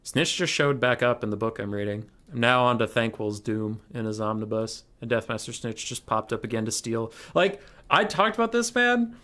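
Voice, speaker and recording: A man's voice: fairly low pitch, little pitch movement, brisk, hardly any pauses, fairly bright tone. A young man casually commentating his own strategy game stream, chatty and thinking aloud.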